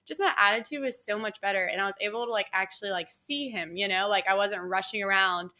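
A bright, clear-toned young woman tells a personal story on her podcast. Her talk is loose and chatty, packed with "like" and "you know," and she acts out the dialogue as she goes. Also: mid-range voice, quick pace. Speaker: podcast host. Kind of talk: casual storytelling monologue.

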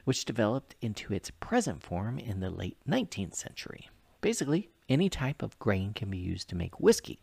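A man's voice: mid-range voice, vocal fry, darkish tone, slightly rough, no echo. A man hosting a podcast, talking casually and breaking off for joking asides. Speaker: podcast host. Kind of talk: casual chat.

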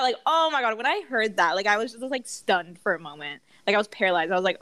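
A woman's voice: mid-range voice, animated, fast, few pauses, a bit bright, no echo. A young woman co-hosting a podcast, chatting casually and acting out customers in quoted voices, with lots of "like" fillers. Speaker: podcast co-host. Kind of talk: casual chat.

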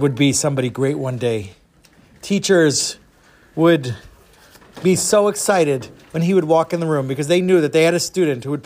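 A man telling a story to a group of children, expressive, with dramatic pauses. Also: fairly high pitch.

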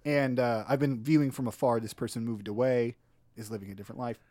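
Laid-back man co-hosting a podcast, cracking jokes and telling a long, rambling story. His voice sits mid-pitch and sounds dry and close. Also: steady tone, quick pace, mellow, dry recording. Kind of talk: casual storytelling chat.

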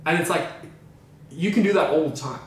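A man's voice: a little high, a little fast. Guy on a podcast going hard, swears a lot, repeats himself for punch, sounds far off in a super echoey room. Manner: emphatic and profane, with repeated phrases. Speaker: podcast co-host and coach. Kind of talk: casual podcast discussion. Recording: very echoey room, mic at a distance, faint noise.

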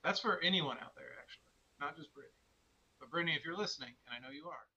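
A man co-hosting a comedy podcast, talking casually in a dismissive, deadpan, profane way. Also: a little high, very fast, husky, low-quality recording. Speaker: podcast co-host.

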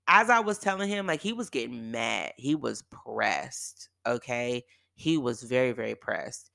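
Host: woman from the Bay Area, crisp bright tone with gravelly fry, dry close mic, emphatic storyteller. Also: very deep voice, no echo. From San Francisco Bay Area. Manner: emphatic, exasperated retelling with quoted back-and-forth. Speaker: podcast host. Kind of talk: casual storytelling monologue.

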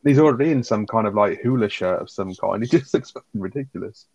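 Bloke rattling on about a sitcom, says like a lot, slightly muffled dry sound. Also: male voice, on the low side, vocal fry, a little mellow, slightly rough, no room sound. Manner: quick, chatty, swears casually, sprinkles in "like". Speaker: podcast co-host. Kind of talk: casual chat recapping a sitcom episode.

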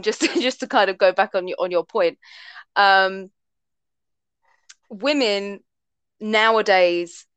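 A woman's voice: mid-range voice, a bit bright, smooth, no room sound. Young woman podcast cohost, sweary and playful, dead dry sound. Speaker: podcast co-host. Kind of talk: casual chat.

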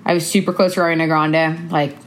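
A young woman with a slightly low voice, talking in a bubbly, chatty way. She recaps her year in casual conversation with a friend, words tumbling out with plenty of "like". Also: flat delivery, brisk, a little hiss or hum. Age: young adult.

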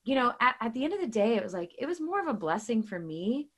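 A woman's voice: on the high side, very animated, fast talker. A woman guest and author talking casually about faith, earnest and chatty, with many fillers and restarts. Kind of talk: casual faith talk with storytelling.

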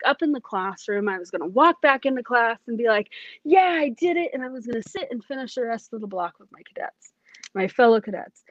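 A woman's voice: a little high, fairly bright tone, dry recording, highs cut off. A woman, a police academy cadet, tells her personal testimony in an earnest, emotional way, often restarting her sentences.

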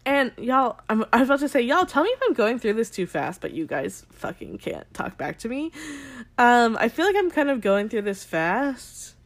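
A woman's voice: fairly high pitch, sing-song, moderate pace. A young adult woman recapping a show for her viewers in a rambling, candid way, full of "like" and swearing. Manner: rambling, heavy "like" filler, frequent swearing; addresses viewers directly, candid and opinionated. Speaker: vlogger recapping a TV episode. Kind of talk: casual chatty recap to viewers.

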